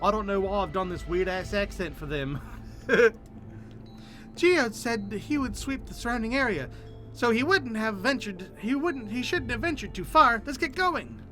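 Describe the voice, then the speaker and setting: A man's voice: high-pitched, animated, a little slow, bright, forceful tone, soft background music. Brief: casual male game streamer, chatty and profane, reads quest text aloud. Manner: chatty, swears and laughs while reading quest text aloud.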